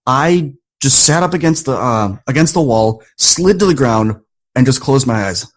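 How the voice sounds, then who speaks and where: A man guesting on a podcast, telling a personal story in an animated, conversational way. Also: medium pitch, moderate pace.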